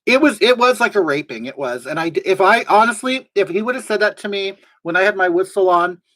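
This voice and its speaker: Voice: mid-range voice, lively intonation, brisk, fairly bright tone, lightly acted. A performer doing a brash gossipy woman streamer. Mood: rambling. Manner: rambling, indignant, reads chat aloud. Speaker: livestream host. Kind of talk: live-stream character comedy.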